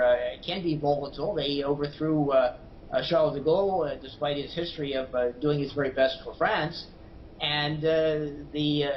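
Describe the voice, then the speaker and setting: A man as a guest commentator on a news program, giving strong political opinions with many hesitant pauses and fillers. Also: fairly high pitch. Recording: dull lo-fi broadcast audio with faint noise.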